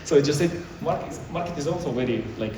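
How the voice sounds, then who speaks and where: This man talks fast in a fairly high but dark-toned voice, giving a talk in a conference hall. His non-native English comes out choppy, with many restarts. The recording has a little hiss or hum, an echoey hall sound, and a far-off mic.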